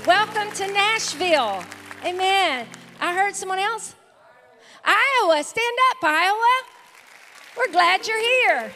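A woman's voice: very high voice, sharp tone, big-room sound. A woman pastor with a Southern accent, welcoming visitors from the pulpit in an enthusiastic, calling-out manner during a church service. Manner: enthusiastic, calls out to the congregation. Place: large church sanctuary with a congregation. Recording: live church service with music and crowd.

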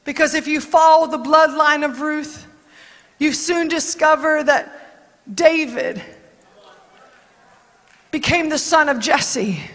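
A woman preacher giving a dramatic sermon that rises to shouts. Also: sits high, slow pace, long pauses, some chatter behind. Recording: long reverb in a large hall.

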